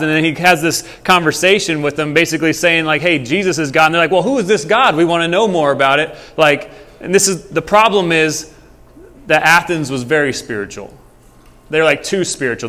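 A man's voice: on the high side, fairly bright tone. A young man preaching in a casual, conversational way, telling stories as a pastor. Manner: conversational, storytelling. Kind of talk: casual sermon. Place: church hall. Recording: long hall reverb.

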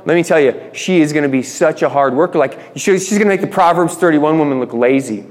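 A man's voice: fairly high pitch, fast. A man preaching a conversational Bible sermon as a pastor, enthusiastic and often restarting his phrases. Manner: enthusiastic, repeats words as he restarts. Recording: long reverb.

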